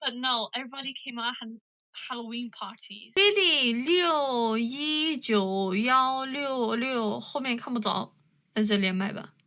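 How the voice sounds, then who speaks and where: A British-accented woman hosts a casual livestream chat. Her voice sits high and sounds bright. She switches easily between English and Chinese as she calls up callers. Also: lively intonation, unhurried, rough recording. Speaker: livestream host.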